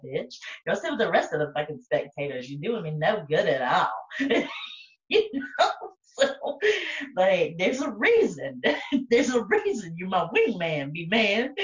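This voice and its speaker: A woman co-hosting a podcast in rowdy, profane casual chat, laughing often. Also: mid-range voice. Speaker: podcast co-host. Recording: echoey, distant, dull mic.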